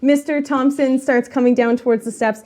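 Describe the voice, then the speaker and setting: A woman's voice: high voice, moderate pace. Brief: easygoing female game master, chatty, giggly narration. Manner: relaxed, giggly narration with fillers.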